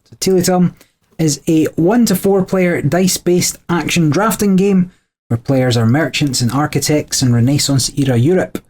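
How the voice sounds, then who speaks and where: A man's voice: mid-range voice, a little mellow. A man co-hosting a podcast, explaining board game rules in a chatty way with frequent small laughs. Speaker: podcast co-host.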